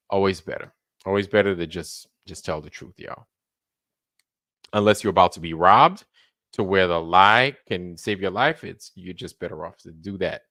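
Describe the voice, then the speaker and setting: A man's voice: sits low, a bit bright, no echo, clean studio sound. A man hosting a late-night livestream, rambling casually and profanely while answering viewers in the chat. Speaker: livestream host.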